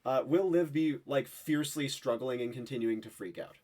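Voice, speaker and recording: A man's voice: medium pitch, moderate pace, a little mellow. A man runs a tabletop role-play as game master, in a mid-range voice. His narration is loose and casual, dotted with fillers.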